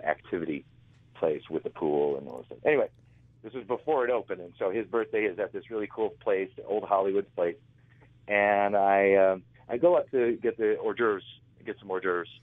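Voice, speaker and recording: A man's voice: on the low side, no echo. A man interviewed as an author, telling rambling anecdotes and often correcting himself mid-sentence. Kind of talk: casual storytelling. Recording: tinny phone line, dry.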